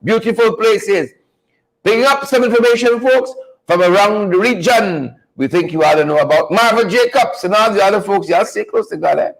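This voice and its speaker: Guy hosting a news chat, high voice, folksy and preachy, keeps repeating stuff and talking to viewers. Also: normal speed, creaky, rough recording. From Guyana. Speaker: show host.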